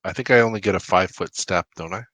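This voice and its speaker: Deep, bright-toned man unsure of rules. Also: fast talker, no room sound. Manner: asks about rules, unsure. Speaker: player. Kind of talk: tabletop game play.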